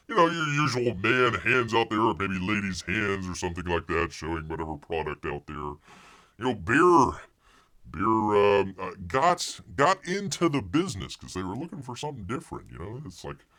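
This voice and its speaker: A man's voice: fairly low pitch, big pitch swings, moderate pace, a bit bright. A man hosting a casual livestream, telling a rambling story with many fillers and restarts. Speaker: livestream host.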